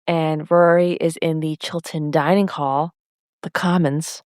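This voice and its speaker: Woman, podcast co-host, casual recap, lowish voice, dry mic, laughs while quoting. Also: steady tone, a little slow, darkish tone, no room sound. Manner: retells scenes quoting characters, laughs often.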